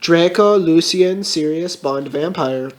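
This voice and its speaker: A young man giving a comedic, mock-melodramatic reading of a fan story, with shrill put-on outbursts. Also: takes it slowly.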